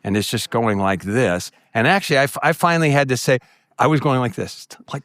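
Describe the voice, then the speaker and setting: A man's voice: animated, moderate pace, fairly bright tone, no echo, studio quality. A middle-aged man giving a conference talk to ministry workers, telling stories and acting out the voices of people he quotes. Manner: storytelling, acts out quoted voices with jumps in pitch. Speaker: conference speaker.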